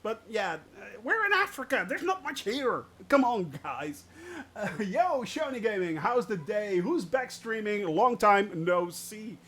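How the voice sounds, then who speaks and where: A man streaming a flight game live, loud and jokey, laughing at his own puns and greeting viewers by name. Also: high-pitched, big pitch swings, measured pace. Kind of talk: live gameplay commentary.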